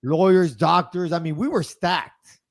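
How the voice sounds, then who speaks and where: A man in his forties hosting a podcast, telling a story in lively, casual chat that often starts with "hey". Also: fairly high pitch, a little slow. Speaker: podcast host.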